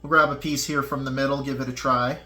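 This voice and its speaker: A man's voice: mid-range voice, flat delivery, fast, pushed and bright. A man hosting a casual cooking tutorial in a home kitchen, chatting loosely to his viewers. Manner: chatty, loose, talks to viewers while eating. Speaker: fitness cooking channel host. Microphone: camera mic on a tripod.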